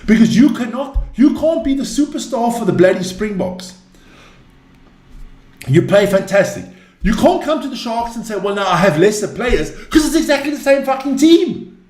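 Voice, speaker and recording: Ranting man with a high voice. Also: very animated, moderate pace, warm tone, reverberant. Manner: ranting, swearing, fired up. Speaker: rugby channel host. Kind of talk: heated casual chat.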